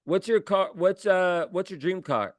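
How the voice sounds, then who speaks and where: A man's voice: sits high, measured pace, no echo. A man hosting a podcast in casual chat, rambling and filling his talk with "like". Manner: rambling, lots of "like" and laughs. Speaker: podcast host.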